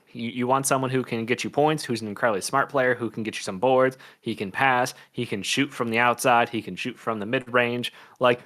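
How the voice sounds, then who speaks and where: A man's voice: medium pitch, a bit bright. A man co-hosting a casual sports chat, talkative and analytical, thinking aloud as he goes. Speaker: co-host, draft analyst.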